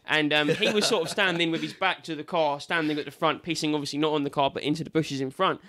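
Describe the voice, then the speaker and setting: A young man in a loose podcast chat, his voice sitting high for a man as he tells a story. He swears freely and keeps the tale rolling with an animated, excitable pace. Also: fast talker. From England. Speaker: podcast guest.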